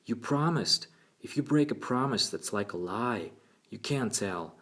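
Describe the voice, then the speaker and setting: A man's voice: expressive, a little slow, fairly bright tone. A man voicing a frightened little boy who pleads and protests in an audiobook reading. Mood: frightened pleading. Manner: high, insistent, upset.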